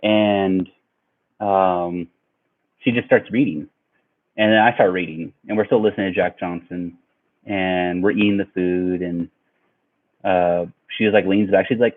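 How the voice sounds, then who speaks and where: Young guy with a lowish voice just rambling thru a story, lots of ums, sounds tinny like a phone. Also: steady tone, unhurried, pauses often. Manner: rambling, laid-back, lots of fillers. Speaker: vlogger. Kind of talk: casual storytelling.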